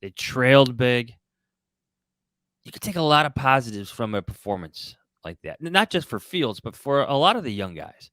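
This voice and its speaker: A man's voice: medium pitch, sing-song, normal speed, a bit bright, no echo. A man co-hosting a sports podcast, asking questions and chatting casually. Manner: conversational, poses questions. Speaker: podcast co-host.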